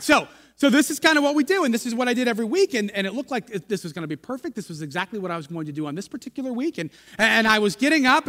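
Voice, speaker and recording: A man's voice: very high-pitched, bright, forceful tone. A male pastor from the United States telling a chatty, self-deprecating story in a sermon, full of restarts and asides to the congregation. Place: church sanctuary. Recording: long hall reverb.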